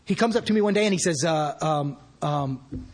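A man's voice: on the high side, normal speed, slightly rough. A man telling a folksy story from his time as a sponsor, with many restarts, acting out bits of dialogue at a recovery meeting. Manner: acts out quoted dialogue.

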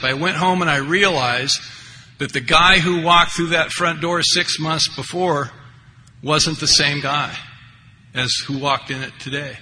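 An older man shares his recovery story at a meeting, rambling and wry, with plenty of conversational asides. His voice sits a little high and sounds pushed and bright. The hall is echoey, with faint noise in the background.

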